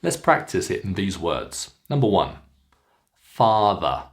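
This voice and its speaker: A man with a Southern British accent teaching a pronunciation lesson, stretching out clear model words with careful emphasis. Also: deep voice, big pitch swings, moderate pace. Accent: Southern British English. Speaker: pronunciation coach. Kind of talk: slow, deliberate pronunciation lesson.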